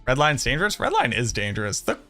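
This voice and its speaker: A man's voice: medium pitch, huge pitch swings, quick pace, pushed and bright, faint music behind. A man from the Boston area with a Boston accent, chatting casually and brashly with viewers on a game livestream, swearing and joking. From Boston area, USA. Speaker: game streamer.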